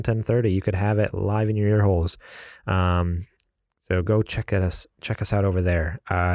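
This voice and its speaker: A man with a fairly low voice chats on a gaming podcast, loose and unhurried, full of "uh" and "like". The sound is dry and close, with no room around it. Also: a little mellow, dry recording. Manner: laid-back, rambling with many fillers. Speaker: podcast co-host. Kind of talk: casual podcast chat.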